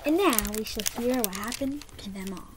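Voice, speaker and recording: A young woman reading a picture book aloud, with animated, expressive storytelling. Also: on the high side, moderate pace, heavy background noise.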